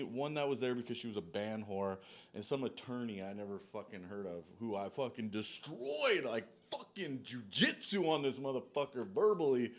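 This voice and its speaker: A man telling a long story in a loose, profane, rambling way, full of "like" and "dude". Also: medium pitch. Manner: animated, jumps between tangents. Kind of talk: casual storytelling monologue.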